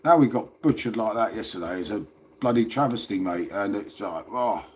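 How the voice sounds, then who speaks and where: A man's voice: fairly low pitch, animated, normal speed, a little hiss or hum. A man hosting a casual livestream from his phone, chatting and rambling and calling his viewers "mate". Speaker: livestream host.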